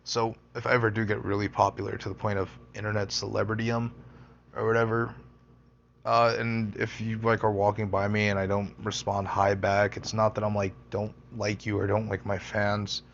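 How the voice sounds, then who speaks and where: Gravelly young man, rambling and profane. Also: on the low side, flat delivery, moderate pace, highs cut off, slight background noise. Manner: rambling, profane, self-interrupting. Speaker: storyteller, podcaster. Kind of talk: casual personal storytelling.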